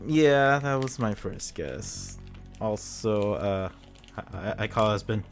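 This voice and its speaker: A man's voice: lowish voice, expressive, takes it slowly, soft background music. A man casually chatting and reading a visual novel aloud, laughing and teasing often. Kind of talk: casual chat.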